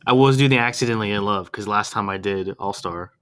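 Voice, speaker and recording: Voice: sits low, fast talker, a bit bright, smooth. A podcast co-host chatting casually about a film, playful and teasing, sometimes breaking into bits of song.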